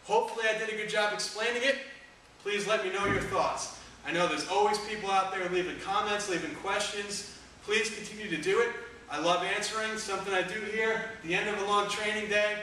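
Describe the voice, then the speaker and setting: A man coaching discus technique, giving energetic, emphatic cues in an instructional demo. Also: high voice, fairly quick. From United States. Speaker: throwing coach. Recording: echoey room, distant mic, faint noise.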